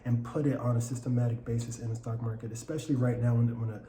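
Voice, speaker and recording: A man's voice: mid-range voice, level tone, quick pace, mellow. Enthusiastic man guest in an echoey room. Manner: enthusiastic, rambling with restarts. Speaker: podcast guest, finance worker. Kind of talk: casual podcast chat. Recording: echoey room with crowd noise.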